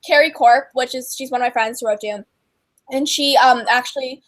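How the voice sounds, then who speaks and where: A woman's voice: sits high, normal speed. A young woman co-hosting a casual livestream chat, gushing and chatty with lots of fillers. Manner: gushing and chatty, many fillers, laughs often. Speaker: co-host of a book and TV chat livestream.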